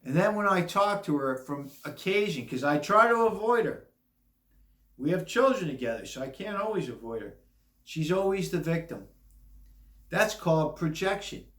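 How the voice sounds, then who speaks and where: A man's voice: on the high side, expressive, normal speed, fairly bright tone. Tipsy man in his fifties, roomy echo. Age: 50s. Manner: blunt, rambling, emphatic warnings. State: a little drunk. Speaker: vlogger. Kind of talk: casual rambling monologue.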